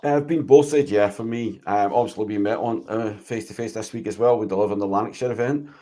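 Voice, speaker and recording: A man's voice: on the low side, quick pace, warm tone. A man, a business coach talking earnestly in casual podcast chat. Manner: earnest, explanatory. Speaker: mindset and leadership coach.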